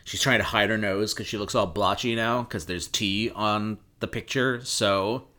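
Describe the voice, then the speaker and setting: A man's voice: lowish voice, fairly even intonation, normal speed, pushed and bright. A man co-hosting a podcast, chatting casually, rambling and swearing enthusiastically. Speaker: podcast co-host. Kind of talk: casual chat.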